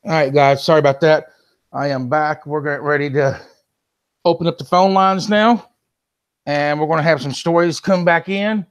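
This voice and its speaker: A man's voice: on the high side, fairly even intonation, normal speed, clear, resonant tone. A man hosting a live call-in stream, talking casually and addressing viewers and moderators directly.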